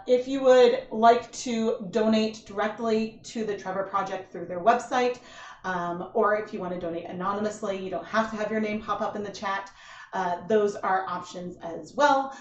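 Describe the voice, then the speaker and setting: A woman in her thirties hosting a casual craft livestream, talking in a rambling, halting way with many fillers and restarts. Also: medium pitch, echoey room, muffled recording, a little hiss or hum. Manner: emotional, tearing up while thanking donors.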